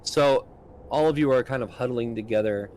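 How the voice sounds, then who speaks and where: A man's voice: medium pitch, moderate pace, darkish tone, slight background noise, low-quality recording. A man narrating as game master of a tabletop game, casual with frequent ums and likes.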